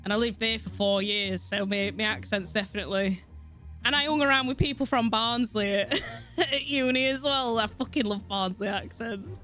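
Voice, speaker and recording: A woman's voice: on the high side, moderate pace, fairly bright tone, faint music behind. A woman with a Yorkshire accent chatting casually on a game stream, swearing freely and laughing a lot. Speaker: streamer with a virtual avatar. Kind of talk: casual gaming stream chat.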